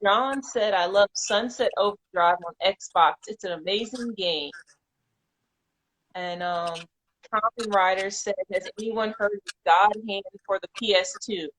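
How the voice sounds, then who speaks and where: A woman co-hosting a casual podcast chat, reading out viewer comments and reacting with quick, amazed affirmations. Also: mid-range voice, fairly bright tone, rough recording. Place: home, on a live video call.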